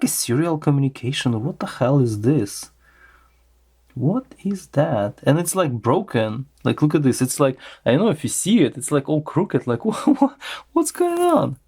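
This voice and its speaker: Slow, musing man taking apart a charger. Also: medium pitch, sing-song, warm tone, slightly rough. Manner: unhurried thinking aloud, with fillers and restarts. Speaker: electronics teardown channel host. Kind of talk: casual hands-on teardown commentary.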